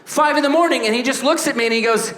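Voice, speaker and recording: A man in his thirties doing a stand-up comedy set, animated, acting out voices and shouting punchlines. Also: very high voice, fast talker, roomy sound, heavy background noise. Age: 30s. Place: stage before a laughing audience.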